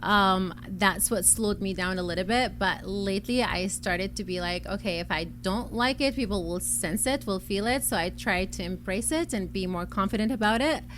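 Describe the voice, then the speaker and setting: A woman's voice: mid-range voice, moderate pace, few pauses, a bit bright, slight background noise. A woman in her forties with a noticeable foreign accent, chatting as a podcast guest, earnest and a little self-conscious about how she speaks. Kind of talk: casual chat.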